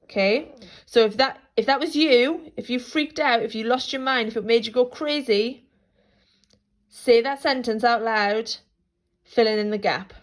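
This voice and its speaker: A woman teaches a recorded lesson to schoolchildren, her voice sitting a little higher than most. She speaks slowly and clearly, saying each phrase twice so the children can repeat it. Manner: slow, repeats phrases for learners to echo. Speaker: Spanish teacher. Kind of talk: remote language lesson for children.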